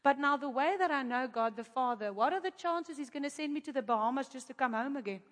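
A woman preacher telling a testimony to her audience in an animated, chatty way, with asides to the crowd. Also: high-pitched, fast. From South Africa. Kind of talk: testimony in a sermon. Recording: long hall reverb.

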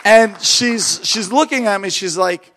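A fervent male preacher telling stories in a sermon, animated and quick to laugh. His voice sits a little high for a man. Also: some chatter behind, a little hiss or hum. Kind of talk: sermon storytelling.

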